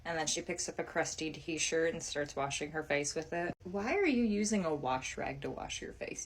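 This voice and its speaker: A woman's voice: low voice, moderate pace, creaky, husky. A woman in casual chat, blunt, exasperated and profane. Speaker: commenter in a reaction clip.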